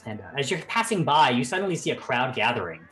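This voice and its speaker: Casting: lively male game master, rambling narration, very expressive pitch. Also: quick pace, soft background music. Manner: animated, rambling with fillers.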